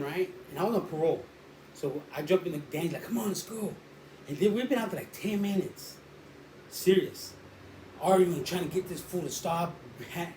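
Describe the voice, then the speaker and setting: A man's voice: a little high, darkish tone. Slangy man telling a story. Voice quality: slangy, rambling, streetwise. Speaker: storyteller guest. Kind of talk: casual street storytelling. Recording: roomy echo, faint background noise.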